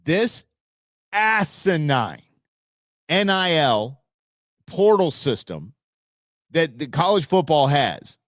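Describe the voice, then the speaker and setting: A man hosting his own show, giving blunt, animated opinion commentary from Arizona. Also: on the high side, no echo, clean studio sound. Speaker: show host.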